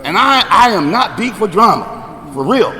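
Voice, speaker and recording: A man in his sixties sharing his recovery story at a meeting, talking conversationally and checking in with the room, getting louder and emphatic on key points. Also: high voice, big pitch swings, moderate pace, in a large hall. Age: 60s. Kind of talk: personal recovery share.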